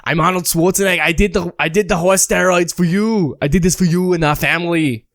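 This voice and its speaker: A man's voice: sits high, fairly even intonation, brisk, a bit bright, dry recording, voice pushed up. A boastful, muscle-bound action hero pleads in an over-the-top, raised voice, as a man puts him on. The sound is dry and close, a podcast comedy bit. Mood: pleading.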